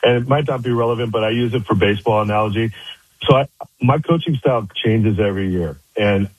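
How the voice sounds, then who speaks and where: A man, a high school baseball coach, talking relaxed as a radio guest. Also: fast talker, husky, dry recording, rough recording. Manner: relaxed, hesitant with fillers. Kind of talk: casual radio interview.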